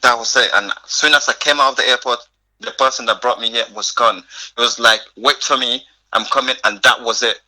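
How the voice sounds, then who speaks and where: Bright-voiced young man telling his story. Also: medium pitch, brisk, poor audio. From Africa. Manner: animated, acts out quoted dialogue, frequent laughs. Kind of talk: casual storytelling in conversation.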